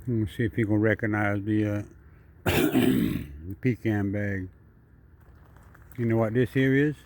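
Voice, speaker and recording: Outdoors at night, a wildlife video maker narrates a casual vlog, holding the camera and talking straight to the animal. His fairly low voice is expressive, unhurried, and a little mellow, and his chatter is repetitive.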